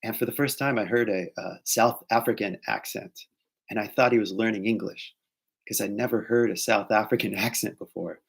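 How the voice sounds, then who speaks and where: Californian man, gravelly voice, loose rambling vlog chat, laughs a lot. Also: fairly low pitch, fairly even intonation, fairly quick. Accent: Californian American. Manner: rambling, laughs often, switches between English and Japanese. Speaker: English-teaching vlogger. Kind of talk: casual chat.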